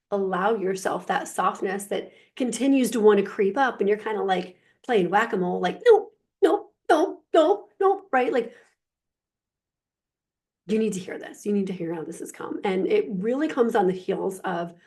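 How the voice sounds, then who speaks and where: Chatty, emphatic woman coach. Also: medium pitch. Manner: lively, emphatic, chatty with many fillers. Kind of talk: casual spiritual coaching talk.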